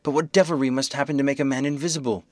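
A man puts on a bewildered gentleman pushed to exasperation. He talks in raised, agitated bursts of questions. The voice sits close to the mic in a dry recording. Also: mid-range voice, steady tone, rapid-fire, no echo, voice pushed up, natural voice.

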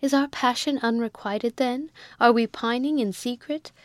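A woman's voice: on the high side, moderate pace, no room sound, close to an everyday voice. Woman doing an old rich lady, eager, coaxing, sentimental, dry close sound, storybook reading.

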